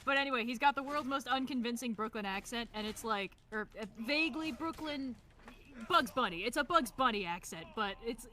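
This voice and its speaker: A woman co-hosting a relaxed gameplay stream, chatting and laughing freely. Her voice is bright and clear, sitting a little high. She talks in a loose, joking way. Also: brisk. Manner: lively, laughs often, slips into jokey voices. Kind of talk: casual chat over gameplay.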